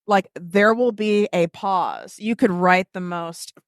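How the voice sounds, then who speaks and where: A woman's voice: medium pitch, slow pace, no echo, studio quality. A woman co-hosting a podcast in casual chat, telling stories in a chatty way, full of "like". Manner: chatty, filler-heavy storytelling with frequent "like". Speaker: podcast co-host.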